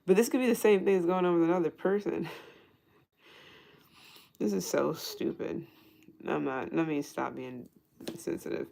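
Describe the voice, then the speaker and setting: Heavy-fry woman rambling through a tarot reading. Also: lowish voice, normal speed, long pauses, warm tone. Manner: rambling, thinks aloud with frequent restarts; swears freely, laughs often. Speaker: tarot reader.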